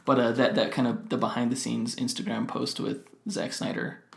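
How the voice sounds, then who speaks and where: A man's voice: mid-range voice, level tone, moderate pace, vocal fry, reverberant. A young man co-hosting a podcast in casual chat, joking and laughing often. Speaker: podcast co-host.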